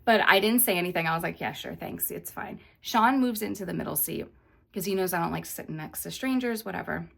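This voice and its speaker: A young woman vlogger telling a story in a rambling, animated way, with lots of fillers. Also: fairly low pitch, fast, creaky. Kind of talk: casual storytime monologue.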